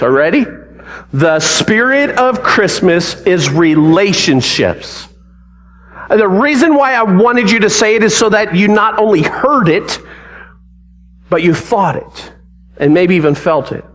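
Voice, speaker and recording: A man's voice: sits high, fairly bright tone. A man preaching a sermon, telling the story dramatically and leading the congregation in call-and-response.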